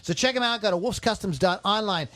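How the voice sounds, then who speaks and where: A man's voice: high voice, quick pace, bright, forceful tone. A man hosting a podcast in casual chat, rambling and jokey and often laughing at himself. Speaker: podcast host.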